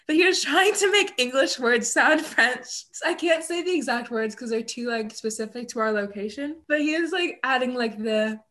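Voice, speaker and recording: A woman's voice: sits high, expressive, moderate pace, hardly any pauses, sharp tone. A teenage girl co-hosting a podcast, chatting casually and filling her talk with "like" and small laughs. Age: teens. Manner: chatty, many "like" fillers, laughing asides. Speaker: podcast co-host. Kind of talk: casual chat. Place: home, online call.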